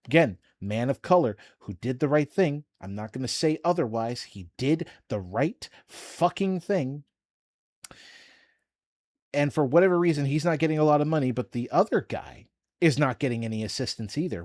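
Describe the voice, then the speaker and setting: A man's voice: medium pitch, lively intonation, moderate pace, darkish tone, no room sound, studio quality. A man hosting a commentary video, ranting in a heated, sarcastic and profane way. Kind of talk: casual commentary rant.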